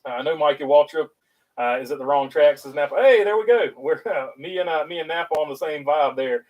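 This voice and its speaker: A man's voice: on the high side, a little fast, darkish tone, recorded from a distance, rough recording. A man with a North Carolina Southern accent hosting a casual livestream, reading viewer chat aloud and rambling with lots of filler uhs.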